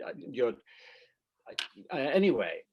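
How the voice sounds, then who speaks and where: A man playing a pompous, clueless gentleman with prejudiced views, patronizing and tripping over his own words in a comedic role-play. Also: mid-range voice, sing-song, takes it slowly, husky, dull audio, full character voice. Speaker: consultant acting out a skit.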